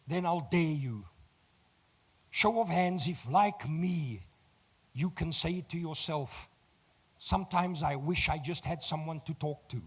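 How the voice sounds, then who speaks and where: A South African man with a slightly raised pitch and a croaky, worn voice, giving a motivational talk to a live audience. He speaks straight to the crowd and teases them. His voice swells loud when he drives a point home. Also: takes it slowly, pauses often.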